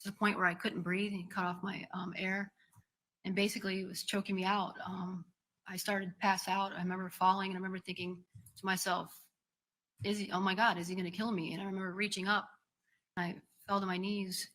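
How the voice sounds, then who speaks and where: A woman in her forties testifying in a courtroom, speaking haltingly with many pauses and ums. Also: mid-range voice, level tone, a bit bright. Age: 40s. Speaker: defendant testifying.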